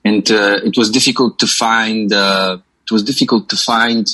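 A man's voice: on the low side, steady tone, moderate pace, sharp tone, low-quality recording. A young Polish man, a film director, answering in English with a Polish accent, hesitant and full of uhs and repeated words.

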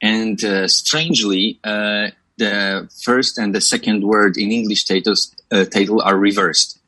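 A man's voice: lowish voice, fairly even intonation, unhurried, sharp tone, rough recording. A young Polish man, a film director, answering in English with a Polish accent, hesitant and full of uhs and repeated words.

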